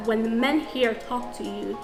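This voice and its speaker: A young woman with a slightly high voice speaks to camera in a casual, reflective vlog. She thinks out loud, frank and self-questioning, often restarting her sentences. The room is echoey, with faint music behind her. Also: a little slow, creaky. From Nigerian diaspora. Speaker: vlogger.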